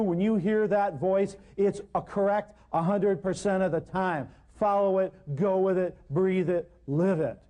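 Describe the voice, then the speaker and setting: A man lecturing on natural healing to a live audience, animated and joking, acting out exchanges with patients and hammering points home by repeating them. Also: sits high. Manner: emphatic, repeats points for effect. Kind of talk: live seminar talk to an audience.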